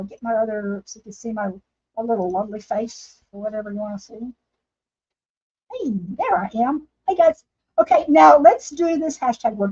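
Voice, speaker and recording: In dull, lo-fi livestream audio, a woman with a fairly high, darkish-toned voice chats casually. She's hosting a craft livestream from home, painting while talking and laughing with her viewers.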